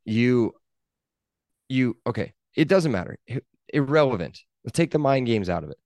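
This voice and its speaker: A man's voice: medium pitch, sing-song, normal speed, darkish tone, no echo. A man co-hosting a sports podcast, arguing his points in casual chat and repeating himself for emphasis. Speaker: podcast co-host.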